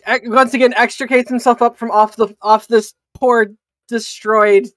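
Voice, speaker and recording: A man running a tabletop game as game master, narrating the action in a halting way with many fillers and restarts. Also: very high voice, flat delivery, a bit bright, no echo, clean studio sound.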